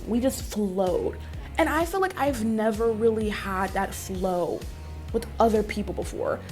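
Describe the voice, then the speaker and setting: Chatty young woman vlogger, animated. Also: mid-range voice. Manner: chatty, animated, playful asides to viewers. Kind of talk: casual storytelling vlog.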